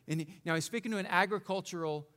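A male pastor preaching a sermon in an animated, conversational way, joking and checking in with the congregation. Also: high-pitched, fast.

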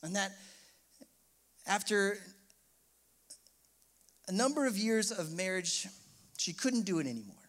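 A man's voice: high-pitched, lively intonation, measured pace, pauses often, a bit bright. A young man preaching a sermon as a pastor, telling a personal story and rising into impassioned outbursts.

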